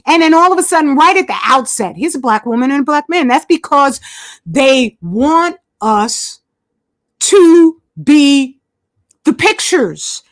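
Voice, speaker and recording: Host type: high, expressive woman; repeats for emphasis; dry close-mic sound. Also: measured pace, no echo. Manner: emphatic, repeats herself, asides while searching screen. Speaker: channel host. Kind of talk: casual monologue to viewers.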